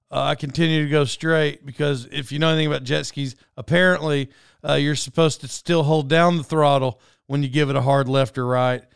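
Clear-voiced man rambling through a funny story. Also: a little high, no room sound, studio quality. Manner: rambling and self-mocking, with frequent fillers and chuckles. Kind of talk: casual personal anecdote.

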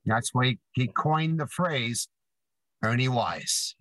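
A man's voice: medium pitch, lively intonation, slow, a bit bright, dry recording, poor audio. A man co-hosting a podcast in casual chat, teasing and rambling while talking from his car. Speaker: podcast co-host.

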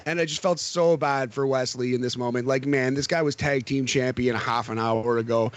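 A man's voice: medium pitch, fairly even intonation, normal speed. A man co-hosting a wrestling talk show, chatting casually and laughing often. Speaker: wrestling podcast co-host. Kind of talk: casual chat.

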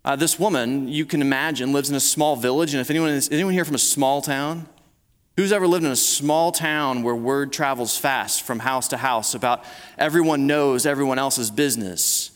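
A man's voice: medium pitch, moderate pace. A male pastor preaching a conversational sermon to a live congregation, often restarting his words as he talks. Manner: conversational preaching with frequent repeated starts. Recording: long reverb of a large hall.

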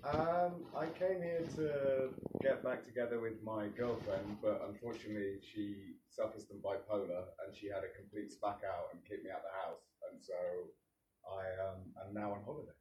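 A man's voice: lowish voice, fairly even intonation, normal speed, darkish tone, highs cut off. A man from England, an audience member answering hesitantly with giggles. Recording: roomy, distant, noisy.

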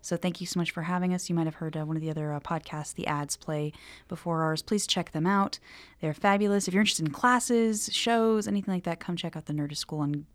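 Bubbly giggly woman cohost, lowish voice, dry close mic, chatty podcast banter. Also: a little fast, no echo. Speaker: podcast co-host. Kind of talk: casual chat. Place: podcast booth.

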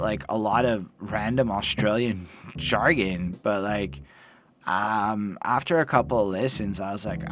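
A man's voice: lowish voice, background noise. Laid-back swearing man reviewing rap. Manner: laid-back, rambling, swears casually, reads lyrics aloud. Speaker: music reviewer. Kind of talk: casual album review with quoted lyrics.

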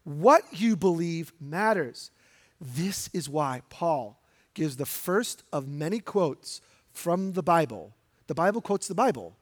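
A man's voice: fairly high pitch, lively intonation, a little slow, breathy edge. A man, a pastor, preaching a sermon in an emphatic, direct way and putting questions to the congregation. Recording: long hall reverb.

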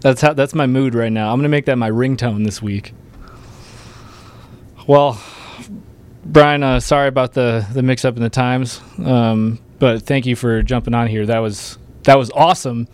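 Male livestream host, emphatic and rallying, fired up, casual delivery. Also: medium pitch. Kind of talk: casual political livestream talk.

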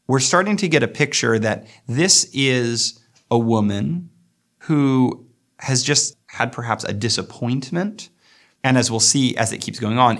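A man's voice: mid-range voice, vocal fry, a bit bright. A man giving a thoughtful lecture on a poem, reading lines of verse aloud and picking them apart. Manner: thoughtful, reflective, reads verse aloud slowly. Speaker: literature lecturer. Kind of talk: poetry lecture with read-aloud quotes.

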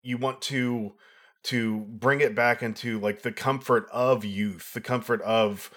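A man's voice: mid-range voice, fairly even intonation, unhurried, a bit bright. A man co-hosting a casual film review chat, explaining his views thoughtfully and at length. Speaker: podcast co-host.

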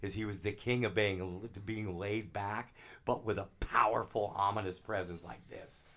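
A middle-aged man, a drummer, telling animated anecdotes in a casual interview. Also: fairly low pitch, moderate pace. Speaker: drummer guest.

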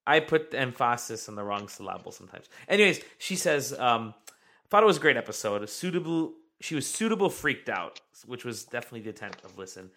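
A man's voice: medium pitch, very animated, fast talker, fairly bright tone. A man hosting a podcast, chatting casually and reading out listener comments with plenty of fillers. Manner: rambling, reads listener comments aloud. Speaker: podcast host.

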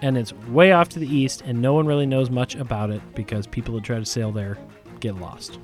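A man narrating as game master, describing the scene in a relaxed, hedging way. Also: mid-range voice, brisk, soft background music. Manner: relaxed, descriptive, many hedges.

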